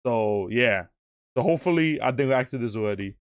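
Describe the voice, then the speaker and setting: A man's voice: mid-range voice, animated, a little fast, noisy background. A young man chatting casually as he reacts to a video, rambling, laughing often and restarting his sentences. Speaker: YouTube reactor.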